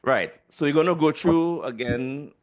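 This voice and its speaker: A man's voice: on the high side, unhurried. A man with a Trinidadian accent teaching a language class over a video call, patiently repeating sounds for students to echo. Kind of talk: online class instruction.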